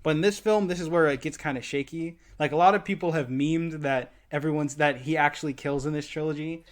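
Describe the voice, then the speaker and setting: A man with a somewhat high speaking voice, chatting casually about films. He rambles a bit, corrects his own mix-ups and breaks into easy laughter. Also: fairly quick. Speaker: podcast co-host. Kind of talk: casual film discussion.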